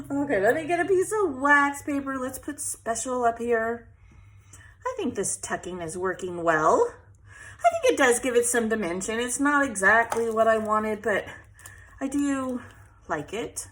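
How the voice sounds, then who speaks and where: A woman's voice: fairly high pitch, very animated, unhurried, a bit bright. A middle-aged woman chatting casually while she scrapbooks, venting and laughing often. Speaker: scrapbooking vlogger. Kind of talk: casual chat while crafting.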